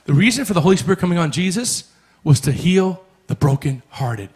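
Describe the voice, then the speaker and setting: A man preaching a sermon as pastor, emphatic, rising to shouts and acting out little dialogues. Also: sits high, sing-song, a little fast, husky.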